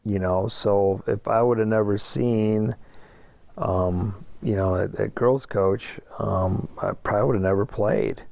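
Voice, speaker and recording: A man's voice: on the low side, steady tone, measured pace, vocal fry, darkish tone, dry recording. A middle-aged man from Ohio, a basketball coach, telling his story in a casual interview with many fillers and restarts. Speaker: high school basketball coach, guest.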